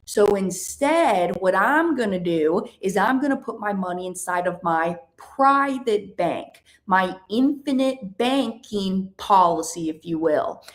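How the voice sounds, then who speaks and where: Emphatic American woman podcast host. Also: medium pitch. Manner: emphatic, animated, drawn-out stressed words, rhetorical questions. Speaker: podcast host, financial educator. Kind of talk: educational podcast monologue.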